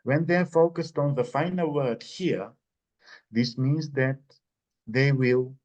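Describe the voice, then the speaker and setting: A man presenting at a conference, answering an audience question in a measured, explanatory way with many pauses. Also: mid-range voice, darkish tone. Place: conference room. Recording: dull lo-fi recording.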